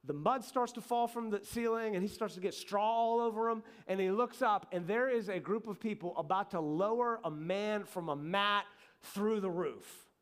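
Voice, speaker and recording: A middle-aged pastor preaching with animated, chatty storytelling, often checking in with the congregation. His voice sits fairly high for a man, rising and falling as the story builds. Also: normal speed. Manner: animated storytelling, conversational asides. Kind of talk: sermon.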